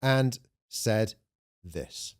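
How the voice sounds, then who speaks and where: A man's voice: on the low side, animated, very slow. A man co-hosting a casual chat podcast, reading out listener messages with plenty of swearing. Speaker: podcast co-host.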